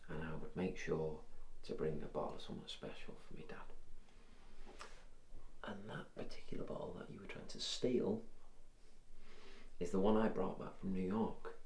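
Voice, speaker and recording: An actor playing a wry father who talks in a hushed way late at night, in a film drama. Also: sits low, normal speed, pauses often, roomy sound, a little hiss or hum.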